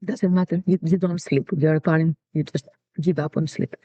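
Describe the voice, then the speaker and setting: A woman's voice: low voice, steady tone, moderate pace, dark tone, husky, no echo. Reflective woman telling family stories. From Greece. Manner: reflective, repeats words as she searches for them. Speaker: podcast guest and co-founder. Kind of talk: personal storytelling in an interview. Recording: dull lo-fi dry recording.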